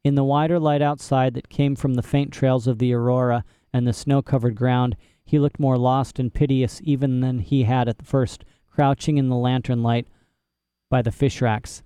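A man narrating an audiobook chapter in a measured, expressive reading voice. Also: medium pitch, clear, resonant tone, no room sound, studio quality. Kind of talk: scripted narration.

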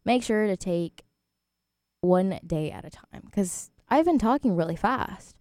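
A woman's voice: medium pitch, expressive, unhurried, a little mellow, no echo, studio quality. A twenty-year-old woman hosting a student radio show, chatting casually and rambling with frequent laughs. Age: 20s.

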